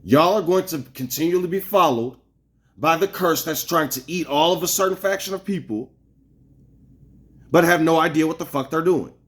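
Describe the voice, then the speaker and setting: A man's voice: fairly high pitch, moderate pace, a bit bright. A man vlogging an angry, profane rant at his viewers, rambling and restarting his sentences as he goes. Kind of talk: casual ranting monologue to viewers.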